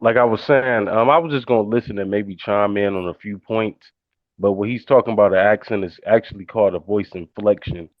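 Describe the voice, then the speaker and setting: Low-voiced man on a dull phone line. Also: no echo. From Detroit, USA. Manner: measured, explanatory, with pauses and ums. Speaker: caller. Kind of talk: casual chat on a live audio room.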